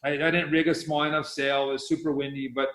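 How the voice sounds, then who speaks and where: A man's voice: a little high, little pitch movement, quick pace, a bit bright. A middle-aged man, a podcast guest, telling a long story in casual conversation and acting out his own past reactions. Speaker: podcast guest, professional windsurfer. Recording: roomy echo.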